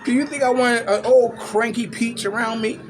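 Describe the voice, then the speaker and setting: A man's voice: extremely high pitch, steady tone, moderate pace, noisy background. An older man vlogging in a casual, rambling way, chuckling often and leaning heavily on "you know" fillers. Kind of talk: casual vlog commentary. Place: small outdoor hangout spot after tennis.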